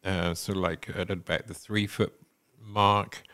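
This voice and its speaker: Male co-host, very deep voice, easygoing and agreeable, casual talk. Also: slow pace. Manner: relaxed, many backchannel agreements. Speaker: podcast co-host. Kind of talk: casual chat.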